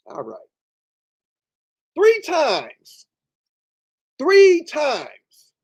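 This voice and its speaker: A man's voice: very high voice, huge pitch swings, extremely slow, pauses often, darkish tone. A man hosting a commentary show, reading out text messages and answering them with emphatic repetition and rhetorical questions. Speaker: show host.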